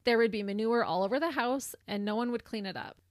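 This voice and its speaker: A woman co-hosting a true crime podcast, reading the case in measured narration with a laugh now and then. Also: fairly high pitch, no echo, studio quality. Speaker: podcast co-host.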